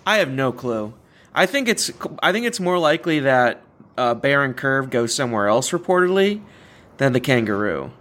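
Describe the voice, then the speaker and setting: His pitch swings widely around a mid-range center as this young man hosts a relaxed podcast. He rambles and self-corrects, laughing often, at a moderate pace with a fairly bright tone.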